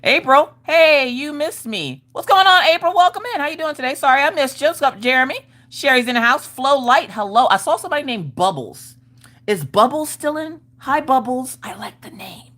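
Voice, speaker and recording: A woman's voice: animated, normal speed. Upbeat woman greeting her livestream chat. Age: adult, her father watches. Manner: upbeat, shouts out viewers by name, swings her pitch around. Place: home craft room.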